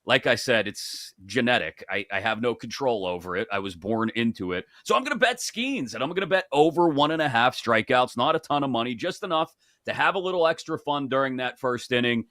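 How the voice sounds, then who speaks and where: A man's voice: medium pitch, fairly quick, few pauses, dry recording, clean studio sound. A man hosting a sports betting show, chatting casually and joking as he breaks down picks. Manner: chatty, joking, animated asides.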